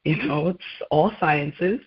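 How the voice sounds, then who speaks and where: A woman's voice: sits low, slow pace, slightly rough. Woman guest telling her story on a radio show, lots of laughs and acted-out bits, kinda muffled audio. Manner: animated, laughs often, acts out dialogue. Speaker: guest, laboratory scientist. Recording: muffled lo-fi sound.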